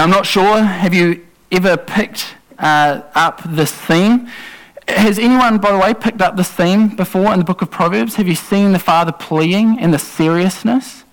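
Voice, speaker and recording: A man's voice: on the high side, low-quality recording. A man preaching a sermon in a church, earnest and urgent, at times acting out a pleading parent.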